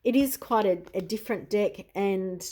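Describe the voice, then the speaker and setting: A woman's voice: mid-range voice, moderate pace, darkish tone. A middle-aged Australian woman, a tarot reader, chatting easily in a show-and-tell video, often adding "you know" and "I suppose.".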